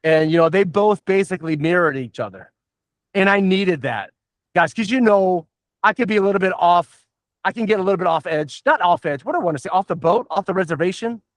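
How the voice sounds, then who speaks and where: A middle-aged man from the Southern United States hosting a casual podcast, rambling and swearing excitably. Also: sits high, a little fast, dry recording. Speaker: podcast host.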